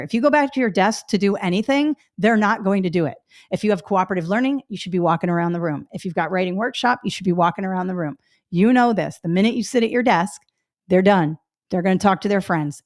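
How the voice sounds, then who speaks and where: A middle-aged woman runs a test-prep webinar, talking in a chatty, emphatic way and repeating key points. Her voice sits at a middle pitch for a woman. It is recorded close and dry, with no room sound. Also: a little mellow, dry recording. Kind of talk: webinar lecture.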